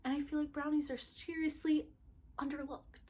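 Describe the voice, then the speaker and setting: A young woman rambling excitedly in a casual book review vlog, recorded on her phone. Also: sits high. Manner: excitable, gushing, talks in quick bursts with restarts. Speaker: book vlogger. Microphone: phone microphone.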